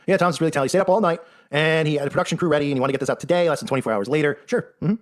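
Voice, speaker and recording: A man's voice: fairly high pitch, rapid-fire. A man giving a sarcastic, emphatic monologue, often tagging his points with "right?". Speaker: online commentator. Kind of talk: rapid-fire monologue commentary.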